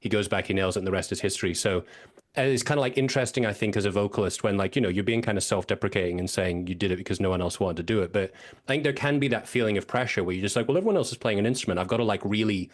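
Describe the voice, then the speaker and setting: A man hosting a podcast interview, talking in a thoughtful, relaxed and conversational way. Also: on the low side, rapid-fire. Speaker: podcast host. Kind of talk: casual interview chat.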